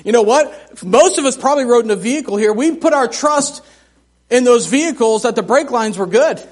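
Male preacher, middle-aged, very high voice, folksy and animated, sermon in a church. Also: a little fast. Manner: folksy, animated storytelling with humor. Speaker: missionary preacher. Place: church sanctuary.

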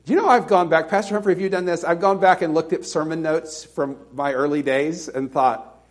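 A man's voice: a little high, a little fast. A middle-aged man from Alabama preaching a sermon as a pastor, conversational and self-deprecating, with laughing asides.

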